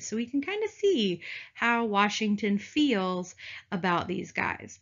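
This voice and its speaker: A woman's voice: medium pitch, sing-song, slow pace, fairly bright tone. A young woman teaching a history video lecture in a chatty, playful way, often calling her students "you guys". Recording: dull lo-fi recording.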